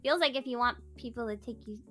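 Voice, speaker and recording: Fast, higher-voiced young woman guest. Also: fairly bright tone, soft background music. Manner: quick, giggly interjections. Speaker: guest artist. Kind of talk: casual chat.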